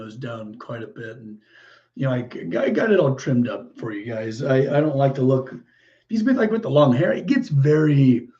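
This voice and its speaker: A man's voice: mid-range voice, mellow. A man hosting a livestream, chatting casually with viewers and reacting to their comments, chatty and easily delighted. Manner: chatty and easily delighted, frequent exclamations and laughs. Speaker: livestream host. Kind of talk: casual live chat reading viewer comments. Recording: muffled lo-fi stream audio.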